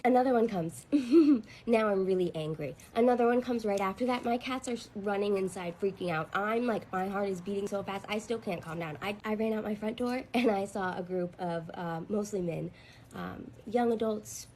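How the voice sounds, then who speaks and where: A woman's voice: mid-range voice, normal speed, darkish tone, a little hiss or hum, poor audio. A shaken woman ranting through a personal story in an agitated, rambling way with nervous laughs.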